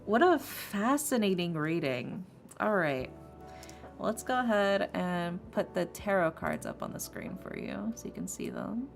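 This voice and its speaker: A woman's voice: mid-range voice, a little slow, vocal fry. A woman streamer chatting casually and joking with her viewers before a tarot reading. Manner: joking, self-mocking, laughs often. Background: soft lo-fi music.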